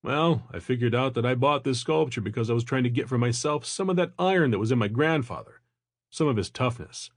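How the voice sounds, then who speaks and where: A man voicing a calm, easygoing older therapist. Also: medium pitch, a little fast, no echo, studio quality. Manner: unperturbed, easygoing, good-humored. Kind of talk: audiobook character voice.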